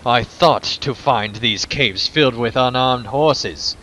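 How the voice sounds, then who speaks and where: A man's voice: medium pitch, takes it slowly, bright, forceful tone, slight background noise, low-quality recording. A man voicing a proud, stern male dwarf warrior, reading game dialogue aloud in a stiff, formal way. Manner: formal, stiff-spoken, reads in character.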